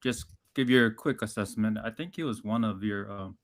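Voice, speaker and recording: A man's voice: fairly low pitch, moderate pace. A man hosting a live interview show, giving short backchannels and hesitantly introducing a clip. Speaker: show host.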